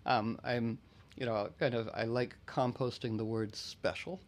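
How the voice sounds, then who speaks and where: A man hosting a relaxed talk, musing his way through ideas with many restarts and the odd throat-clear. His voice sits at an ordinary middle pitch, steady and unforced. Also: measured pace. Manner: discursive, reflective, often clears throat. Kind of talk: casual conversation.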